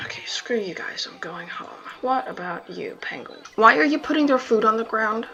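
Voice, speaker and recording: A woman's voice: on the high side, animated, normal speed, gravelly, hardly any pauses, bright, forceful tone. A woman casually commenting as she plays a zoo-building game, wry and self-mocking, chatting to the animals on screen. The sound is dull and lo-fi. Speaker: gameplay video host. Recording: dull lo-fi sound with faint music.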